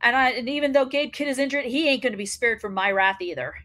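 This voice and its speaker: A woman's voice: on the high side, quick pace, pushed and bright. A woman hosting a wrestling commentary show, ranting bluntly and profanely, fired up.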